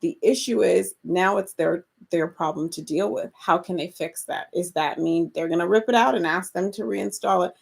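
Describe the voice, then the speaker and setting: A woman co-hosting a casual chat about remodeling investment properties, agreeable and quick to laugh. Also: on the low side, creaky, husky. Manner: encouraging, agreeable, laughs often. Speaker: co-host.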